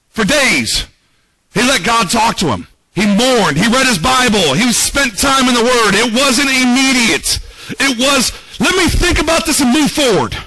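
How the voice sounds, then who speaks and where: A man's voice: extremely high pitch, animated, unhurried, sharp tone, no room sound, rough recording. A man preaching a sermon as pastor, dramatically acting out quoted prayers and voices. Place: church.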